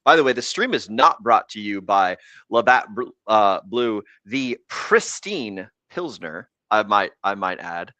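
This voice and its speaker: Bright, dry-voiced rambling male host. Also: fairly low pitch, normal speed, no room sound. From United States. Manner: rambling, profane and jokey. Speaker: podcast host. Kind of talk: casual livestream chat.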